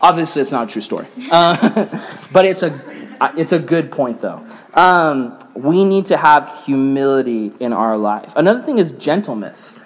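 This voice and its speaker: A young man preaches to a youth group in a loose, chatty way, full of "like" and lively storytelling. His voice sits a bit high for a man. The sound carries the long echo of a big hall. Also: normal speed. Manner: animated storytelling, many filler "like"s. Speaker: youth pastor. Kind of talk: casual youth sermon. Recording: reverberant hall.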